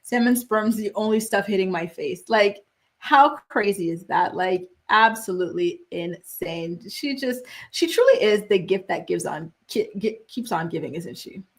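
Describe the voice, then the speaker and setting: A young woman hosting a pop culture gossip show, chatting casually and reading viewer comments with sassy, animated reactions. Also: medium pitch, normal speed. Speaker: host.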